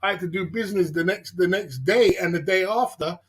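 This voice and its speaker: Hyped tipsy man, high voice. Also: fairly quick, a little hiss or hum. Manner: hyped, repeats catchphrases, laughs often. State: tipsy from drinking. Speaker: livestream host. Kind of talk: late-night livestream chat.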